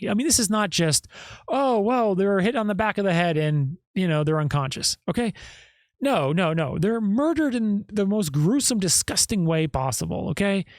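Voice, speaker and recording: A man's voice: a little high, a little mellow, no room sound, clean studio sound. A male podcast host giving emphatic casual commentary and often tagging his points with "okay?" or "right?".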